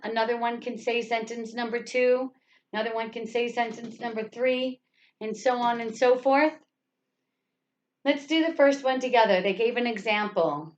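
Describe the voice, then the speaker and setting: A woman teaching an English grammar lesson, speaking patiently and leaning hard on the words she wants stressed. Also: high voice. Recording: dull lo-fi sound.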